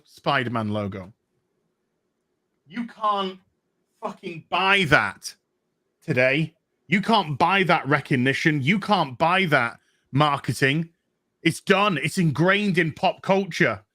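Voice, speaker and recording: A man's voice: a little high, no room sound. A man co-hosting a comic book panel show, ranting heatedly with constant swearing and mocking voices. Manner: profane and animated, mocking voices of others. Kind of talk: heated opinion rant on a livestream panel.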